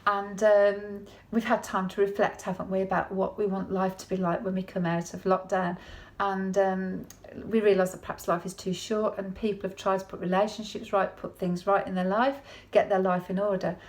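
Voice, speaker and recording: A woman's voice: mid-range voice, level tone, normal speed. A woman giving a conversational sermon in a chatty, folksy way, often turning to the listener with tag questions. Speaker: preacher.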